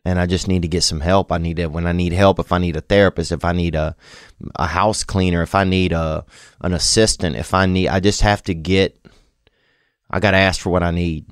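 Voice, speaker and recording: A man speaking in a candid, rambling personal monologue, halting and vulnerable, with casual profane slang. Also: low voice, steady tone, smooth, no echo, clean studio sound.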